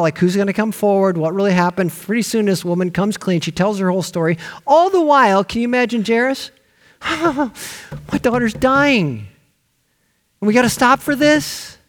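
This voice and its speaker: Animated preaching man, fairly high voice. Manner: animated storytelling, acting out quoted voices. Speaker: pastor. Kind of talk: sermon.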